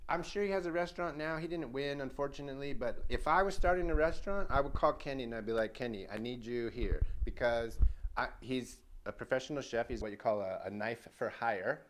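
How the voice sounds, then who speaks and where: Male podcast co-host, mid-pitched and eager, prone to long rambles. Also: fairly quick. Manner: enthusiastic, rambling, tangent-prone. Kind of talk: casual podcast chat.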